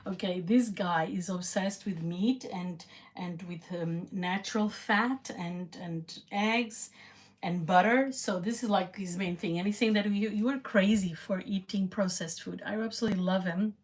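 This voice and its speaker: Slow-talking woman with a Portuguese accent. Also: medium pitch. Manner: excitable, rambling, with frequent restarts. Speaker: cooking vlogger. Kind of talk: casual cooking chat to camera.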